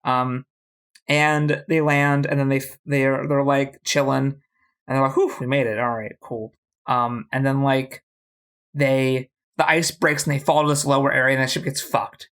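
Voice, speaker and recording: Profane, animated podcast co-host recapping. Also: mid-range voice, measured pace, smooth. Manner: profane, animated, acts out character lines mid-story. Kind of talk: casual episode recap.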